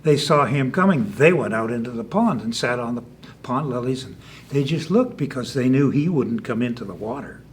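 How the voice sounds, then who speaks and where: A man's voice: mid-range voice, animated, moderate pace, a little hiss or hum. A man telling a folk tale in a folksy, conversational storytelling manner. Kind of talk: folk tale told to an audience.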